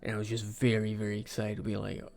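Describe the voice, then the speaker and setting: A man giving casual, rambling commentary for a video, with sudden excited outbursts. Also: on the low side, fast talker, vocal fry. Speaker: video creator. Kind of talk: casual commentary ranking game characters.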